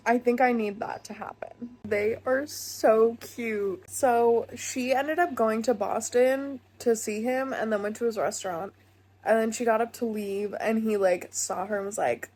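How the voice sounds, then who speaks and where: A young woman excitedly recapping a book she is reading, gushing and saying "like" a lot. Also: a little high. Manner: gushing, excitable, heavy use of "like". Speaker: book vlogger. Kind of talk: casual reading vlog recap.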